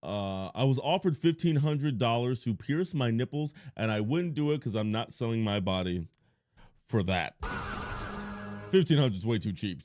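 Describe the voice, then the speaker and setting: Male streamer, mid-pitched, crude banter with chat, bursts into playful shouts. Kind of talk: casual live-stream chat.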